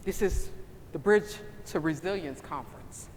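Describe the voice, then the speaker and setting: A woman's voice: deep voice, a little slow, darkish tone, big-room sound, a little hiss or hum. A woman giving a motivational conference speech, with an emphatic, repetitive, preacher-like cadence and questions thrown to the audience. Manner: calls out to the audience. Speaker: conference speaker. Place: conference hall.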